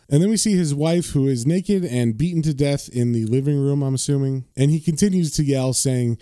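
A man's voice: medium pitch, brisk, few pauses, dark tone, no echo, clean studio sound. A man casually recapping and reading a comic book issue as a podcast host. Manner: casual, with fillers and laughs.

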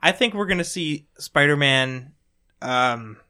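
A man's voice: fairly high pitch, expressive, measured pace, sharp tone, smooth. Easygoing man in podcast chat. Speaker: podcast co-host. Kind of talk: casual chat.

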